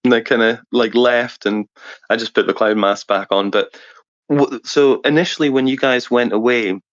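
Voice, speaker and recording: A man's voice: medium pitch, normal speed, dry recording, highs cut off. A man as an interview guest, swearing and laughing as he tells gaming stories over a headset. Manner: animated anecdotes, frequent swearing and laughter. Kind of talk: casual storytelling.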